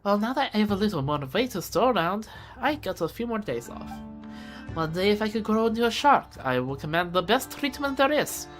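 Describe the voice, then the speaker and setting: A woman voicing a humble, low-ranking minion who talks about himself with wistful self-deprecation, reading game dialogue aloud. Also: sing-song, brisk, soft background music, lightly acted.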